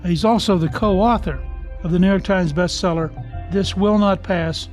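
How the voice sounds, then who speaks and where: Man, podcast host, fairly high voice, deliberate conversational delivery, faint music underneath. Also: darkish tone. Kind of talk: conversational interview hosting.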